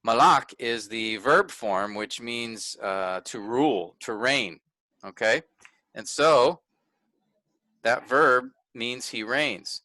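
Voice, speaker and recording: A man gives an online lesson at an unhurried pace, with a bright, clear tone and a dry, close sound. He explains step by step and keeps checking that everyone can follow. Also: mid-range voice, no echo. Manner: patient, often checks understanding. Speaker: Bible teacher. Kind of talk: online workshop lecture. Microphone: video call.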